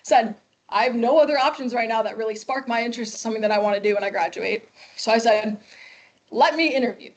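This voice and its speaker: Lively young woman telling her story. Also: fairly high pitch, fast talker. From Chicago. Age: 20s. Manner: lively, acts out quoted dialogue. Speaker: guest speaker. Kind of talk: storytelling talk to a class. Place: classroom.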